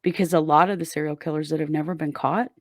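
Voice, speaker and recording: A woman's voice: low voice, fairly even intonation, fast, dry recording, clean studio sound. A woman co-hosting a casual true crime podcast, earnestly warning listeners and laughing easily at jokes. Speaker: podcast co-host.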